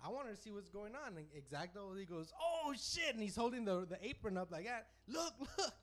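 Male podcast co-host, high voice, loose and animated, swears a lot, laughs through his stories. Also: fast talker. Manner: animated, profane, laughing storyteller. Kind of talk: casual storytelling.

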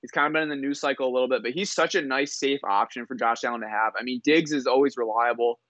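Fast-talking male sports talk co-host. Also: mid-range voice, no echo, poor audio. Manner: fast, energetic analysis with quick asides. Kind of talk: sports talk show banter.

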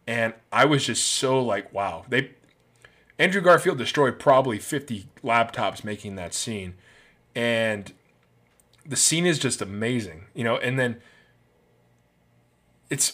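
A man talks through favorite film scenes in a loose, rambling way, full of enthusiasm. His voice sits at an ordinary, mid-range pitch for a man. It sounds like casual, unscripted movie commentary. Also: fairly bright tone. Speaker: film reviewer.

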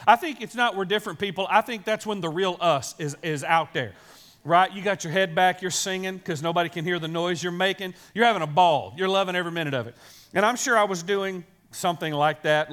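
A man's voice: a little high, fairly bright tone. A man, a pastor, giving a sermon in a chatty storytelling way, often checking in with the listeners. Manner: conversational storytelling with frequent "right?" asides; addresses children in the congregation.

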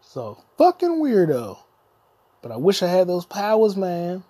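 A man's voice: high voice, very animated, unhurried, warm tone, slightly rough. A young adult man hosting a podcast, delivering a profane, insulting solo comedy rant that mock-lectures the listener. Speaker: podcast host.

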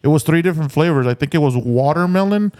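A middle-aged man swapping stories on a podcast. He talks loosely and swears freely. His delivery turns animated when he gets into a story. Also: on the high side, fast. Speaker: podcast co-host. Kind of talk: casual chat.

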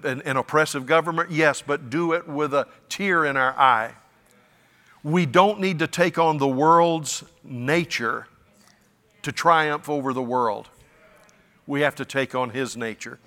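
A man's voice: on the high side, bright, forceful tone, big-room sound. A man preaching a sermon as pastor in a folksy, emphatic way, with stammered restarts. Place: church sanctuary.

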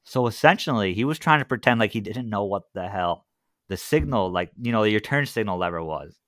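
A male podcast host telling a story in a casual, animated way. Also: lowish voice, fairly quick, no room sound, studio quality. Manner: animated, laughing retelling.

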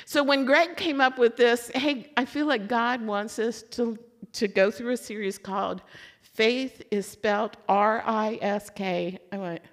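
A woman from Louisville giving a sermon as a lively personal story, acting out her own excitement and letdown. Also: on the high side, slow. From Louisville, Kentucky. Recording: long hall reverb.

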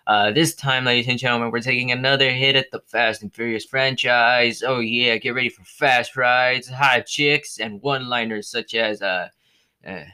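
A man's voice: mid-range voice, steady tone, moderate pace, bright, forceful tone, clean tone. Rambling, swearing male movie-review host. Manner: rambling, loses his train of thought and swears. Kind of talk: casual movie review chat.

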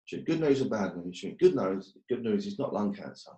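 A man's voice: fairly low pitch, expressive, brisk, mellow, reverberant, highs cut off. A man telling his story as a guest, blunt and swearing often, joking about hard times. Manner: blunt, swears a lot, jokes about hardship. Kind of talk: casual storytelling.

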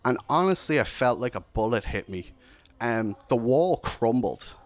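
A man speaking in a candid, earnest, reflective way as he shares his own life story. His voice sits at an ordinary middle pitch for a man, and the talk runs like a plain personal testimony. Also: lively intonation, measured pace.

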